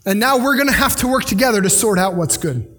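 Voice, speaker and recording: A man's voice: high-pitched, animated, quick pace, fairly bright tone. A man preaching a sermon in an earnest, conversational way, with restarts and side notes. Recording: long hall reverb.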